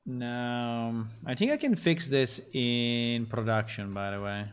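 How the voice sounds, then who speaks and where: A man who is a game developer, chatting casually on a livestream while he codes, halting and repeating himself with many fillers. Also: medium pitch, animated, clear, resonant tone.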